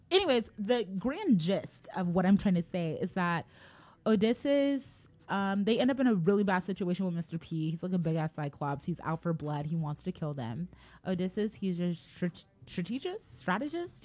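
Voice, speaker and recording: A woman's voice: fairly low pitch, warm tone, no echo. A young woman casually retelling a story in a rambling, slangy way, full of fillers and laughs.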